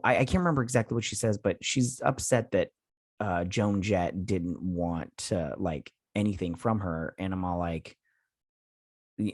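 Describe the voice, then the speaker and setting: Rambling, exasperated low-voiced man reviewer. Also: no room sound, studio quality. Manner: rambling, filler-heavy, exasperated. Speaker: TV review host. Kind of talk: casual episode recap and review.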